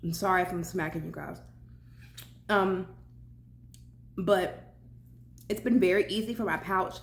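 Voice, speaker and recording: A woman's voice: fairly low pitch, unhurried, creaky, echoey room. A young woman with a Southern US accent, chatting casually while eating and talking with her mouth full in her home kitchen. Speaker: vlogger.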